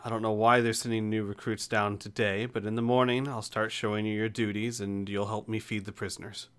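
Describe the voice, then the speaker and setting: A man's voice: fairly low pitch, level tone, fairly quick, smooth, close to an everyday voice. Man doing a weary, blunt woman guard. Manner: tired, blunt, offhand.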